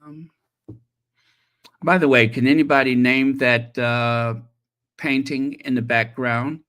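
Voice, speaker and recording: A man's voice: mid-range voice, steady tone, takes it slowly, fairly bright tone. A man hosting a casual livestream, chatting and reacting to viewer messages with many fillers. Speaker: channel host.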